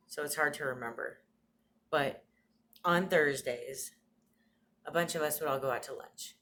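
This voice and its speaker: A woman's voice: sits low, a bit bright. A middle-aged woman talks into her phone about family memories. She is tender and gets emotional at times, with a light laugh now and then. There is a faint hiss behind her in an ordinary room. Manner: tender, breaks into small laughs and tears up. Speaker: vlogger. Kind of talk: personal reminiscence to camera.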